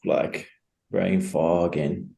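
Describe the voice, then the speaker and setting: A man in his forties with an Australian accent, a guest osteopath explaining things in a relaxed, chatty way with frequent restarts. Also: sits low, extremely slow, creaky. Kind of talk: casual interview explanation. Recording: roomy echo.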